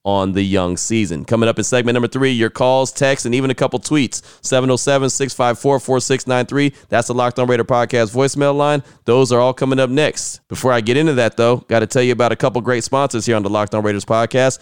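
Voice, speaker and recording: Guy doing a sports podcast, chill and chatty, smooth clean voice, dry close mic. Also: medium pitch, steady tone, fairly quick, few pauses, no echo. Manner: casual, chatty, laughs at himself. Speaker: podcast host. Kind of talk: sports podcast talk with ad reads.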